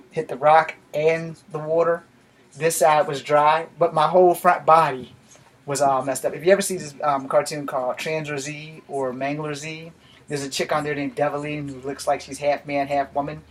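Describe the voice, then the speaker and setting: A man in a casual vlog, telling a rambling personal story and swearing freely. His voice sits a little high for a man, and he tells the story loosely. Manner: profane and rambling. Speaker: vlogger.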